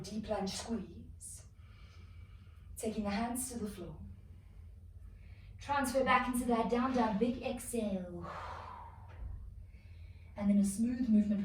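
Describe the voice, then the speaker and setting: A woman leads a yoga flow in a calm, steady voice, slightly out of breath as she does the poses with the class. She sounds set back from the mic in a very echoey room, with a faint hiss underneath. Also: medium pitch, distant mic. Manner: calm, flowing cues with soft exhales between moves. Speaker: yoga instructor. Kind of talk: guided yoga class instruction.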